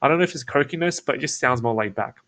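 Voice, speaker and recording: Creaky laid-back Australian man. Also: fast. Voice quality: creaky, croaky low delivery. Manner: laid-back, toned-down, flat on purpose. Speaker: agency owner teaching cold calling. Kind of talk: casual instructional talk with demo lines.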